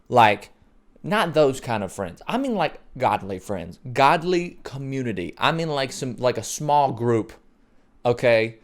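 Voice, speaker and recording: A man preaching a sermon in an excitable, joking way, repeating phrases for emphasis. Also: mid-range voice, a little slow. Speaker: pastor.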